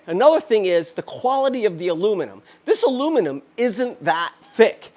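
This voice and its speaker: A fifty-year-old man rushing through a casual DIY vlog, a bit out of breath as he lifts the cart while he talks. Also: high-pitched. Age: 50s. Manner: rushed and chatty, talking while lifting and handling the cart. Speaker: DIY maker and channel host.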